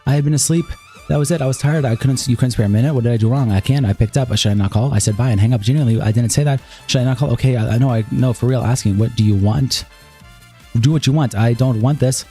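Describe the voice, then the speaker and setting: A man reads chat logs aloud on a live stream at a breakneck pace. His voice is dark and mellow, and he runs the lines together with only brief asides of his own. Faint music plays softly behind him. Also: medium pitch, quick pace.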